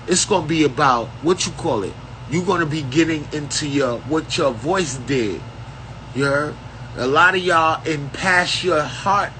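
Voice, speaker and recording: Man, preachy street-slang spiritual rant, profane, high-ish sharp voice, faint traffic behind. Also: poor audio. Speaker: self-styled spiritual teacher. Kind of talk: unscripted spiritual rant to camera.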